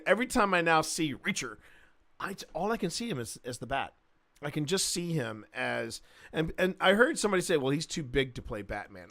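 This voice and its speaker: Animated bright-voiced male streamer. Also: a little high. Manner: rambling and animated, with loud bursts of laughter; quotes films in a gruff mimic voice. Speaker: livestream host. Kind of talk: casual livestream chat.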